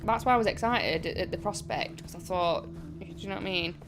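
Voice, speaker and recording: A woman's voice: fairly low pitch, brisk. Chatty Derbyshire woman streaming a game. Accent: Derbyshire-Yorkshire border. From Chesterfield, England. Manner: chatty, self-mocking, swears now and then. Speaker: gaming streamer. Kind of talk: casual let's-play chat. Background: game music.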